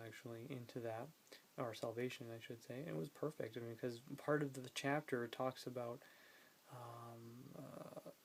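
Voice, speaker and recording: A man's voice: mid-range voice, darkish tone, slight background noise, low-quality recording. A man talking casually to his phone camera at home, rambling through his day with fillers and quoted bits of conversation. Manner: rambling storytelling with fillers, quoting others. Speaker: vlogger. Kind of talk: casual vlog chat.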